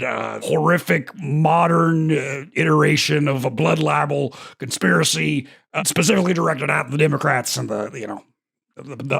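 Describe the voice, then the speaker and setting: A man putting on a middle-aged male radio ranter giving a rambling, faux-sincere confession full of fillers, in a gravelly husky voice. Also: a little high, full character voice.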